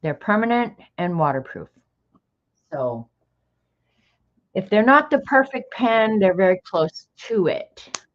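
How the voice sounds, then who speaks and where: A woman's voice: medium pitch, animated, slow pace, pauses often. A middle-aged woman hosting an art livestream, chatting casually and talking to herself as she draws. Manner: chatty, talks to herself while working. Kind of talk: casual chat while drawing. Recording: dull lo-fi stream audio.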